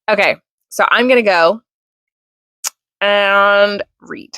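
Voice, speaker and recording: A woman's voice: mid-range voice, expressive, unhurried, pauses often, fairly bright tone, dry recording, studio quality. A young adult woman chatting casually in a rambling vlog about her kids and reading, with many fillers. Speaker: mom vlogger.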